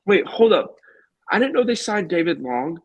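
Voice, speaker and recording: An excitable man co-hosting a casual sports podcast, his voice slightly husky and pitched a little high. He keeps jumping in with bold takes. The sound is dry and close. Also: normal speed, no room sound, dull audio. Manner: excitable, jumps in with hot takes. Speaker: podcast co-host.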